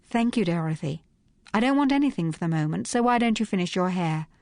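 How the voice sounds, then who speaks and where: A woman's voice: on the low side, animated, fairly quick, darkish tone, dry recording, clean studio sound. A woman doing a cool, assured lady detective. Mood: brisk. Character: glamorous, sharp-witted young woman detective.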